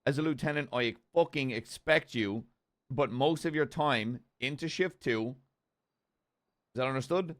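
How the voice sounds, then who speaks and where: A man's voice: mid-range voice, a little slow, dry recording. A man in a casual gaming role-play, playing a blunt police lieutenant who swears often while interviewing applicants.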